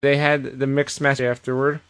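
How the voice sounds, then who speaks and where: A man co-hosting a podcast, giving an animated casual recap with plenty of swearing. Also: mid-range voice, normal speed, clean tone. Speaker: podcast co-host. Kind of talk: casual chat.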